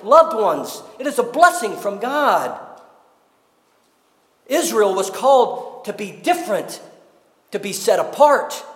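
A man preaching a sermon as pastor, emphatic, with slow deliberate phrasing. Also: sits high, a bit bright, reverberant, big-room sound.

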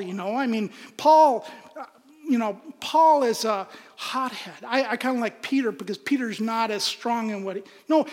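A man with a high voice preaches a sermon, slow and deliberate, earnest and emphatic as he presses his points. His voice rings out with a long reverb tail in a church sanctuary. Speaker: pastor.

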